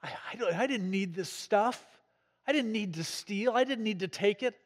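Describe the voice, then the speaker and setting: A man's voice: high-pitched, moderate pace, voice pushed up. A man voicing a distraught wife who talks in broken, pleading repeats, heard in an echoey hall. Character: distraught wife sobbing after arrest.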